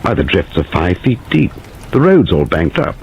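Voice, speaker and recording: Young guesthouse host, reassuring and dismissive, in the narrator's deep voice. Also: male voice, sing-song, normal speed, a little hiss or hum.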